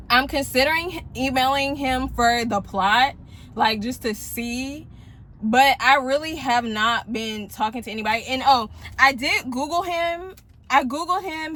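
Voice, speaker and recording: Woman vlogger, thirties, slightly high voice, rambling chatty storyteller talking from a parked car. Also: fairly bright tone. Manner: chatty, rambling storyteller who addresses viewers directly. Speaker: vlogger, single mom. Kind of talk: casual chat to viewers.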